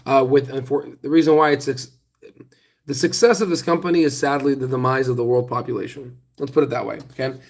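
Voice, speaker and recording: Talking briskly in a steady, mid-range voice, this stock channel host sounds worn out and hoarse from a sore throat as he rambles through a casual chat. He sits in an outdoor hot tub with a handheld phone as his mic, often restarting and poking fun at himself, and the recording quality is low.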